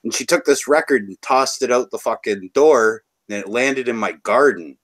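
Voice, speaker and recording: A man's voice: mid-range voice, normal speed. A man from Canada chatting casually, rambling and swearing freely. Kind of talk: casual chat.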